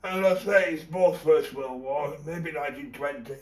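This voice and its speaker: Man introducing old records, halting and casual, slightly high voice, roomy echo, away from the mic. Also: far from the mic. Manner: hesitant, many ums. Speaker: old record collector presenting.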